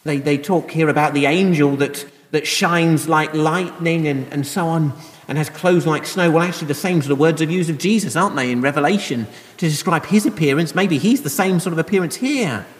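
Man, gentle conversational sermon, slightly high voice, long hall reverb. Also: brisk. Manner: gentle, conversational explaining with soft laughs. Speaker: preacher.

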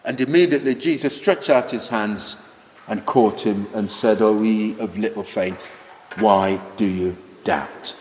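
A man preaching a children's sermon, animated and exclaiming, asking the children questions. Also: fairly low pitch, a little slow, a little hiss or hum. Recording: echoey hall.

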